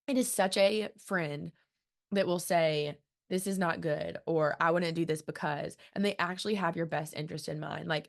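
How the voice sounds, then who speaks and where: A woman in her thirties hosting a podcast, talking in an enthusiastic, earnest, chatty way. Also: fairly low pitch. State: emotional, close to tears. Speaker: podcast host. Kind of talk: casual podcast monologue.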